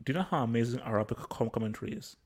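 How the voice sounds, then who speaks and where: A man's voice: mid-range voice, rapid-fire, a little mellow, breathy edge. A man in casual football chat, telling stories with many stammered restarts and laughter. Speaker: podcast co-host.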